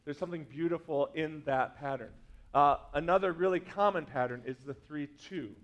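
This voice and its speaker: A man's voice: a little high, moderate pace, muffled recording. A man, a pastor, giving a casual teaching talk to a congregation, full of "like" and "right?" asides. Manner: chatty, many fillers like "like" and "right?".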